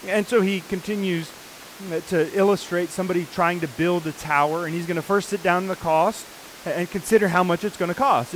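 A man's voice: high voice, steady tone, a little fast, slight background noise, rough recording. A man preaching a sermon, earnestly explaining scripture passages in a teaching manner.

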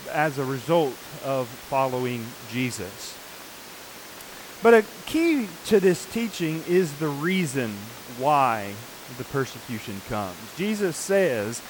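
A man's voice: fairly high pitch, a bit bright, a little hiss or hum, low-quality recording. A man preaching a sermon, earnestly explaining scripture passages in a teaching manner.

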